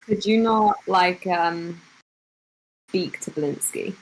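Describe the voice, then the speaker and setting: A woman's voice: lowish voice, slow, rough recording. A woman playing a tabletop game, thinking aloud hesitantly with fillers. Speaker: player. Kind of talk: casual chat at a game table.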